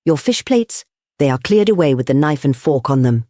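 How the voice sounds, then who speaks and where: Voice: medium pitch, very animated, moderate pace, mellow, no echo, clean studio sound, close to an everyday voice. A narrator voicing a panicked foreign male hotel proprietor who pants and stammers. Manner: breathless, stammering.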